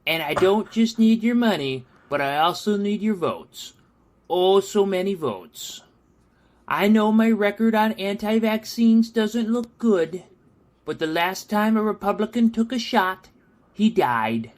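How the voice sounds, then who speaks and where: A man doing a slow, boastful old politician. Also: high-pitched, animated. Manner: slow, self-aggrandizing speech. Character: gruff older male politician, boastful, rambling. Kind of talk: comedic impression in a played voice message.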